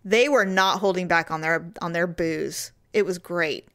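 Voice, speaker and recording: A woman co-hosting a podcast, telling a story in casual chat and acting out her own quotes in high squeals. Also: a little slow, fairly bright tone. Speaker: podcast co-host.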